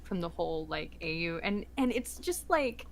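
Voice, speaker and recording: A woman voice actor chatting casually, gushing about the community in halting, restarting sentences. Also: fairly low pitch, big pitch swings, slight background noise. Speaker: voice actor guest. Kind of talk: casual group chat.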